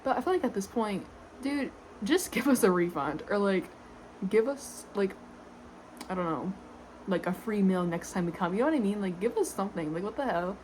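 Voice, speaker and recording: A woman's voice: mid-range voice, expressive, moderate pace, darkish tone, rough recording. Young woman vlogger, irritated rant with lots of sighs and swearing, mid-range voice, slight noise behind. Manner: exasperated, swearing, constant "like" fillers, sighing. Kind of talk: casual rant to camera.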